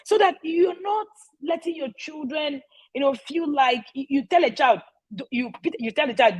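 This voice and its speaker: Her voice high and her pace normal, a middle-aged woman speaks informally to parents as a parenting educator. She often checks in with "all right?", repeats key phrases and stays emphatic throughout a low-quality recording.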